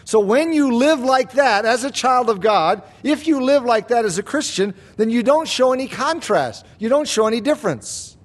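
High-voiced male pastor preaching. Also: animated. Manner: measured teaching delivery, slowing for emphasis. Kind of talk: sermon.

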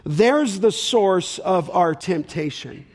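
Emphatic high-voiced male Bible teacher. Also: expressive, takes it slowly. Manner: emphatic, repeats words for stress, asks the audience "what?". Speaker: pastor teaching a class.

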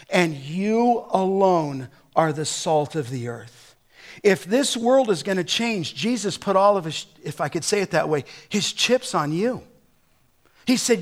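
A middle-aged man preaching a sermon as a pastor, slowing down to stress scripture and rising to near-shouts on key points. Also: high voice.

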